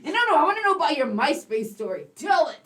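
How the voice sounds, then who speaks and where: A woman's voice: high voice, very animated, fast talker, noisy background. A woman hosting a casual chat, playful and reactive, often laughing and gasping. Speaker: podcast host. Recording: distant from the mic.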